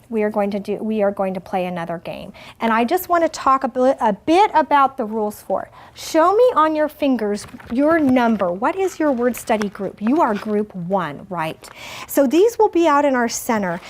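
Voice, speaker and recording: A woman teaching a first grade phonics lesson, asking gentle questions and stretching out words slowly. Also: on the high side. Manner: slow, exaggerated word modeling.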